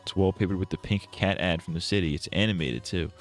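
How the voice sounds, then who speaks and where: A man's voice: low-pitched, fast, soft background music. A male streamer casually reading game text aloud with irreverent, crude asides.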